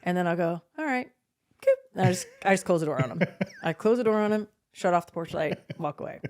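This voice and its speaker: A woman's voice: on the low side, fast, a little mellow. A woman in her forties co-hosting a podcast, telling a story in casual chat, acting out the voices of the people in it and swearing freely. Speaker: podcast co-host.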